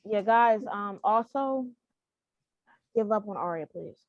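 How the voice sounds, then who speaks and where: A woman co-hosting a podcast, telling stories in a rambling, animated way with many restarts. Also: medium pitch, slow pace, dull audio, background noise. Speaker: podcast co-host. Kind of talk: casual chat.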